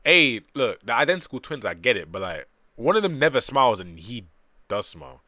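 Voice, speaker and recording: Animated man streaming a manga read. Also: mid-range voice, fairly quick, dry recording, studio quality. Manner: animated, jokey, breaks into loud excited bursts. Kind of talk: reading manga aloud with casual commentary.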